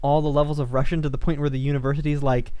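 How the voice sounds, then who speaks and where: A man's voice: a little high, little pitch movement, racing, mellow, clean tone, dry recording. A man hosting a let's play, chatting casually and telling a rambling story with frequent chuckles. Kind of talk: casual gaming chat.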